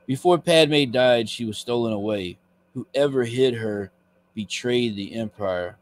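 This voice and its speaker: A man reading the lines of a stern male dark lord from a comic, slow and measured. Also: mid-range voice, lightly acted.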